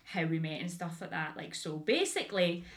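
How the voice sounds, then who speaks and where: A woman's voice: lowish voice, sing-song, moderate pace, a bit bright. A young woman with a Glasgow Scottish accent, co-hosting a podcast in casual, rambling chat full of "like" and casual swearing. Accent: Scottish, Glasgow area. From Scotland. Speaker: podcast co-host.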